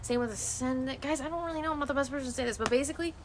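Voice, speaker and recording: A young woman chatting to her stream from outdoors, her voice sitting a little high. She rambles and restarts her sentences, swearing casually as she goes. Faint outdoor ambience hangs behind her. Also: racing, slight background noise. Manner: rambling and animated, with many restarts; loose, swearing freely. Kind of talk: casual chat.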